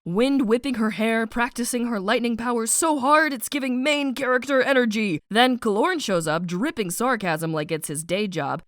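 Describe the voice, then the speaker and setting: A woman narrating a snarky animated book summary, playful and sarcastic, with slang asides and spoken sound effects. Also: fairly high pitch, normal speed, hardly any pauses, dry recording, clean studio sound.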